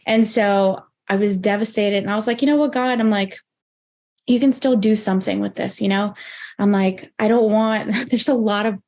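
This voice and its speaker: A woman in her thirties, a podcast guest, telling a personal story in a lively way, acting out what she and others said and using "like" often. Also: medium pitch, normal speed. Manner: animated, acts out her own and others' quoted lines with lots of "like".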